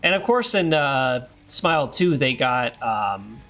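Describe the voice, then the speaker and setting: A hoarse man in his thirties chatting casually and rambling while streaming a game. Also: medium pitch, sing-song, slow, a bit bright, faint music behind. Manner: rambling, self-deprecating, many fillers. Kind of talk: casual gameplay chat.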